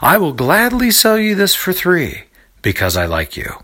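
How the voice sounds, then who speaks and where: A man voicing an eager, flattering male market vendor who talks in a wheedling sales pitch. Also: normal speed, exaggerated voice.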